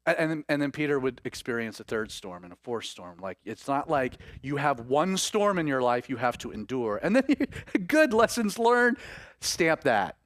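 A man preaching a sermon in an animated way, acting out the voices he quotes. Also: mid-range voice, normal speed, dry recording, clean studio sound.

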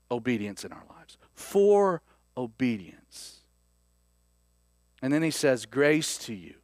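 A man preaching a sermon, swinging between loud emphasis and soft, hushed lines. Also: medium pitch, dry recording, clean studio sound.

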